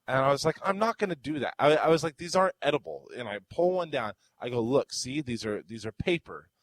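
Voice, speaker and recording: A young man telling a story on a casual podcast, swinging between an easy mid-range voice and loud, climbing bursts when he acts out what people said. The sound is dry and close, with no room around it. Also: medium pitch, brisk, no echo, low-quality recording. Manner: animated storyteller, acts out quotes with loud rising outbursts. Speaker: podcast co-host.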